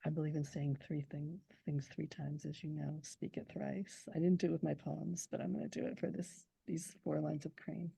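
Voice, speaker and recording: A woman poet speaks in a reflective interview, her voice low and gravelly with a mellow warmth. She talks thoughtfully and slows down to savor recited verse. The sound is dry and close. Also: steady tone, no echo, poor audio. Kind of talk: conversational interview with poetry recitation.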